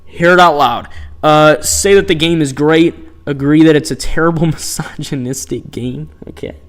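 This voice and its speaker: A man's voice: fairly high pitch, moderate pace. A man streaming live gameplay, chatting and reacting with incredulous, laughing asides.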